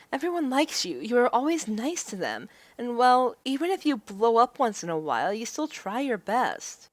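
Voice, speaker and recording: A woman's voice: fairly high pitch, big pitch swings, moderate pace, no echo. A woman voicing a nervous, earnest young heroine who stammers and pleads, reading a visual novel aloud. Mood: flustered.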